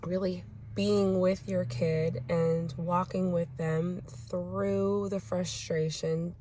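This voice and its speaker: A young woman telling a parenting story in a casual vlog, reflective and gentle, pausing often. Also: on the low side, little pitch movement, slight background noise. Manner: reflective, gentle, with many pauses and fillers. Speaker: mother sharing a parenting story.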